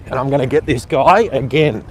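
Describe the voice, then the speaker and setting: Excitable Australian man live-streaming outdoors. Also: medium pitch, a little fast, slight background noise. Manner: excitable, rambling, chatty to viewers. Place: outdoors by a canal on a scooter. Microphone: handheld camera with plug-in mic.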